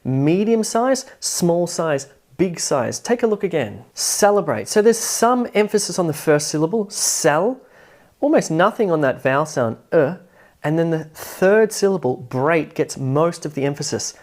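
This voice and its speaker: A man teaching English pronunciation in an online lesson, who drills words slowly and adds wry asides. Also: on the high side, expressive. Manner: emphatic, drills words slowly and repeats them.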